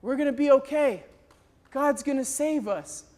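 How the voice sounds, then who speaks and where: A man voicing his sick, delirious young friend in a groggy mumble, quieter than his telling voice. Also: very high voice, measured pace, big-room sound.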